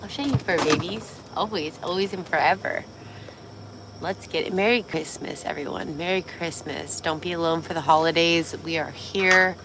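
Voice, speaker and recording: A woman hosting a casual livestream, a little tipsy and hoarse, gushing and swearing as she reads viewer comments. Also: on the low side, moderate pace, background noise. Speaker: livestream host.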